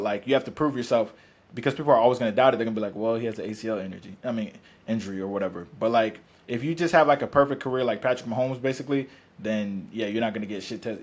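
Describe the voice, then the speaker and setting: A man who works as a fitness coach, talking bluntly and profanely in casual podcast chat, rambling with restarts. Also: mid-range voice.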